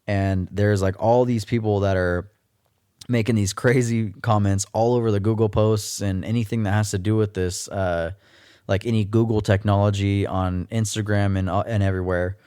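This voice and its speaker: A man's voice: on the low side, steady tone, normal speed, warm tone, clean tone, dry recording, clean studio sound. A man hosting a solo podcast, ranting in a casual, blunt and profane way. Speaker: podcast host.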